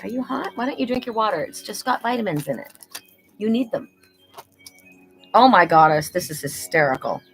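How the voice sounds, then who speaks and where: A woman's voice: medium pitch, expressive, moderate pace, pauses often, faint music behind, poor audio. A woman doing a live oracle card reading, passing on spirit messages in an earnest, enthusiastic way.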